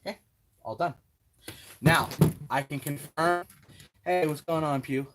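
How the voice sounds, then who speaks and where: Over a very noisy recording, a man with a fairly high voice hosts an RC hobby build from his home workbench. He's unhurried and casual, talking through each step and adding self-deprecating asides.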